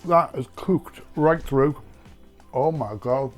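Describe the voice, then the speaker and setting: A man talks through a casual food taste-test vlog in an ordinary mid-pitched voice. His delivery is chatty and rambling, full of ums and uhs. Faint music plays quietly behind him. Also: slow. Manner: chatty and rambling, with many fillers. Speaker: food vlogger.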